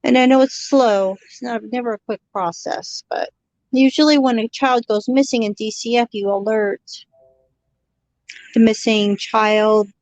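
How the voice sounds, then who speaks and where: A woman guest and parent in a casual chat, speaking earnestly and haltingly, with many questions. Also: a little high, fairly even intonation, darkish tone. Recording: dry, dull lo-fi sound.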